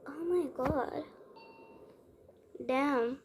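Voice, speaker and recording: High, jumpy young woman gaming. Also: very slow. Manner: jumpy, panicky, squealing at scares. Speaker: gamer playing a horror game. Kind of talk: live gameplay commentary. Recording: noisy home recording.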